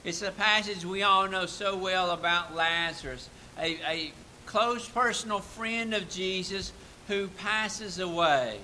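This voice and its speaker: A man preaching a sermon with earnest emphasis, rising for key points and dropping soft and reflective between them. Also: high-pitched, a little slow, slight background noise, low-quality recording.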